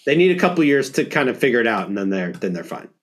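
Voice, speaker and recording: A man's voice: medium pitch, sing-song, fast talker. Agreeable man hosting a podcast. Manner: agreeable, many short affirmations. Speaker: podcast host. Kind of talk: casual podcast chat.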